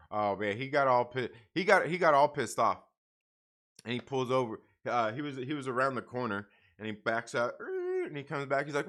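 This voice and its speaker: A middle-aged man talks off the cuff on a home livestream, blunt and a little profane. His voice is bright and forceful, at an ordinary pitch for a man. He rambles, circles back and restarts his sentences as he goes. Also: lively intonation, fairly quick. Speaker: comic book channel host. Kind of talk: casual livestream rant.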